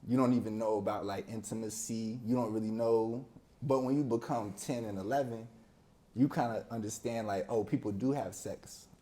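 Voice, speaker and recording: A young man, a podcast guest, telling stories from his childhood in a casual, animated way, acting out other people's voices and laughing often. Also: on the low side, moderate pace. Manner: animated storyteller who acts out friends' voices. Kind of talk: casual storytelling interview.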